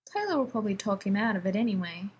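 Woman reading as a low-key male team leader. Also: very animated, quick pace, a little mellow, highs cut off, a little hiss or hum, natural voice.

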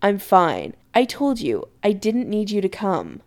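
A woman voicing a flustered young man who pleads with his meddling mother, in an exasperated, animated way. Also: medium pitch, a little slow.

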